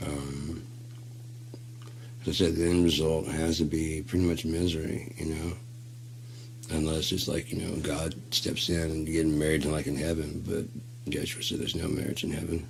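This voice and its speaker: Low gravelly man musing aloud. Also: flat delivery, moderate pace, a little hiss or hum. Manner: rambling, profane, musing. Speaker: solo talker. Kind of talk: rambling monologue.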